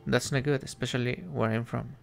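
A man voicing a crude male devil on a train, low and gravelly, talking slowly. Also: steady tone, soft background music, close to an everyday voice. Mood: drawling. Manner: slow, crude, drawling.

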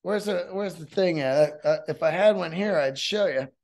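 A man's voice: fairly high pitch, normal speed, a little mellow. A man hosting a solo podcast, talking in a loose, rambling, profane monologue. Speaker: podcast host and comedian.

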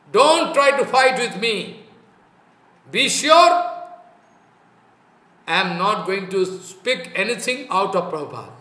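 A high, bright-toned man with an Indian English accent preaches a devotional sermon with fervent, repetitive emphasis. His voice rings in a roomy, echoing space. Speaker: spiritual teacher. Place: online talk in an echoey room. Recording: echoey room sound.

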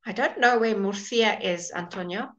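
Woman doing a live english pronunciation class on her computer mic, chatty, says words slow and repeats them. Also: mid-range voice, highs cut off. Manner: chatty, greets viewers by name. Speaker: English teacher.

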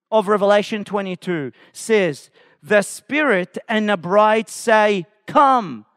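A man with a strikingly high voice preaches slowly and deliberately, leaning hard on each phrase. His sermon turns impassioned and climbs to shouts as he calls out. The sound is dry and close. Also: no echo. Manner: impassioned preaching, rising to shouts when voicing God's call. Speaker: pastor.

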